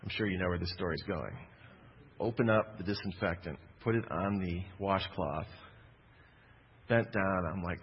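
A man preaching in a low, husky voice, chatty and joking as he tells a story. The sound is dull and muffled, with a long reverb trailing off a large hall. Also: moderate pace, pauses often. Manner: conversational, jokey asides. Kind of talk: sermon with personal storytelling.

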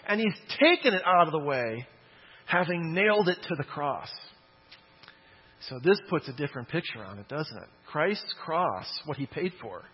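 A man's voice: fairly high pitch, sing-song, moderate pace, breathy edge, lo-fi sound. A man preaching a sermon in a church, talking in a conversational but emphatic way and often asking "okay?". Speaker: pastor.

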